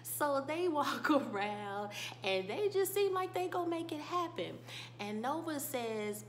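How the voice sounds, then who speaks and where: A woman's voice: sits high, very animated, a little slow, slight background noise. A young woman gossiping animatedly through a TV episode recap, with laughing asides, on a desk microphone. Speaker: TV show reviewer. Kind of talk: casual recap vlog.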